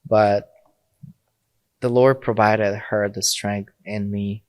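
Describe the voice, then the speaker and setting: A Catholic priest appearing as a podcast guest tells stories in casual conversation, laughing often and acting out quoted lines. His voice is on the low side, with a level tone and a slow pace, in a dry recording.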